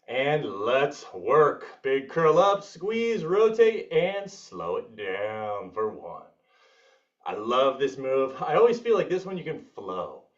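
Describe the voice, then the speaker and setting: A man leads a live workout class, counting reps and joking with the participants. He talks unhurriedly, and his fairly high voice swings widely, breaking into sudden high whoops. The recording sounds dull and lo-fi. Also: far from the mic. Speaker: fitness instructor.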